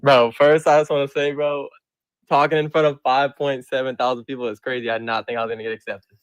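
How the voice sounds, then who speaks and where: An eighteen-year-old man with a Michigan accent debates on a live stream, speaking casually and hesitantly. He leans on slang and trailing phrases as he hunts for his words. His voice sits at a middle pitch, recorded dry. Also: little pitch movement, fast talker, clear, resonant tone, dry recording. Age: young adult.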